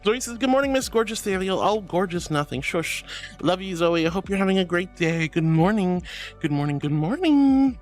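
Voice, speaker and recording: A man streaming live, reading chat messages one by one in a gentle, affectionate way, calling viewers sweetie and honey with hesitant fillers. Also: high voice, lively intonation, moderate pace, soft background music. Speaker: VTuber streamer. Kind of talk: casual livestream chat reading.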